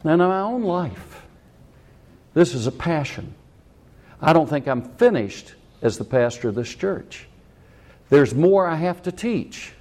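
An older man, a pastor, preaching a sermon in an animated way that acts out the quotes he tells. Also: on the high side, a little slow, long pauses.

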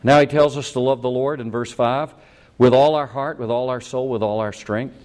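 An older man, a pastor, preaching a sermon in an animated way that acts out the quotes he tells. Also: mid-range voice, normal speed.

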